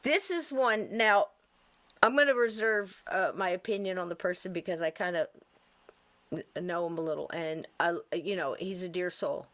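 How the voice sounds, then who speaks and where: A woman's voice: on the low side, normal speed, a bit bright. Chatty rambling woman podcast host. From US East Coast. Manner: chatty, rambling, laughs often. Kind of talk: casual podcast chat.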